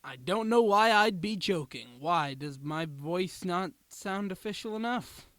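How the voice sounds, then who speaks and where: A man's voice: high-pitched, expressive, unhurried, a bit bright. An actor playing a cheery father putting on a mock-official announcer tone over the phone. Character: cheery long-lost dad posing as announcer. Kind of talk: indie comedy film acting.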